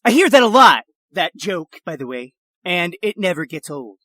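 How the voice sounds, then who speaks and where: A man's voice: high-pitched, big pitch swings, normal speed, pushed and bright, no echo, heavily acted. A cocky teenage boy brags and bristles, crude and insistent, as a man acts him out. The sound is close and dry, with no room around it. It comes from an improvised comedy podcast. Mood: boastful. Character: short brash teenage boy, tough-talking.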